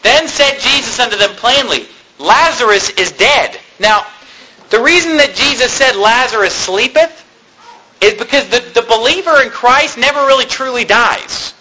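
A man's voice: very high voice, normal speed, bright, forceful tone, low-quality recording. A man preaching a sermon, reading scripture and retelling it in plain, conversational terms with frequent rhetorical questions.

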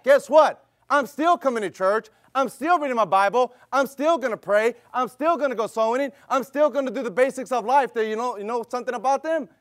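A man's voice: very high-pitched, no echo, studio quality. A middle-aged man preaching as pastor, emphatic and repetitive, calling for amens and telling a family story. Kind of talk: sermon with personal story.

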